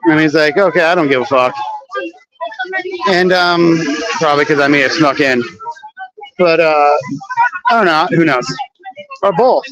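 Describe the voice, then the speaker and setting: Rambling profane man, high voice. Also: moderate pace, pauses often, over loud music, low-quality recording. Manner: rambling, profane, slangy retelling with many fillers. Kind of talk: casual storytelling vlog walking outdoors. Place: outdoors on city streets near a train station.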